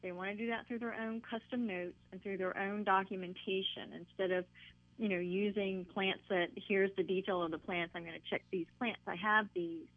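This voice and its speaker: A woman's voice: mid-range voice, steady tone, normal speed, no room sound. A woman guest explaining her work in an upbeat, explanatory way over the phone. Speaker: guest, website co-founder. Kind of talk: phone-in interview. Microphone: telephone. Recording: tinny phone line.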